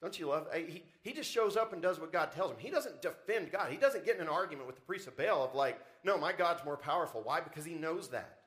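A man's voice: fairly high pitch, lively intonation, fast, a bit bright. A man preaching a sermon as pastor, with rising emphasis and frequent rhetorical questions to the congregation. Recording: church service audio recording.

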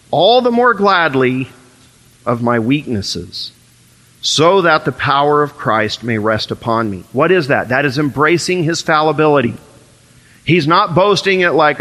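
A man's voice: on the high side, sharp tone, long reverb tail. A man preaching a sermon, reading scripture and acting out little dialogues as he explains it. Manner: earnest preaching, quotes scripture and acts out dialogue. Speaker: pastor.

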